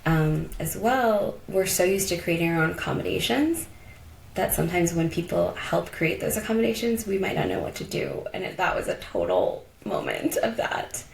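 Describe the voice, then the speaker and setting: Sing-song and lowish with vocal fry, this woman's voice keeps a moderate pace over a little hiss or hum. A podcast guest from Colorado, she shares personal stories casually, reflective and heartfelt, with many "like" and "you know" fillers, in an echoey room.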